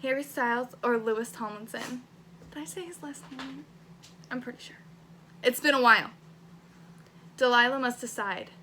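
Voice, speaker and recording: A woman's voice: fairly high pitch, bright, forceful tone, slight background noise. A young woman vlogging casually, reading her old teenage writing aloud, swearing freely and laughing at herself. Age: young adult.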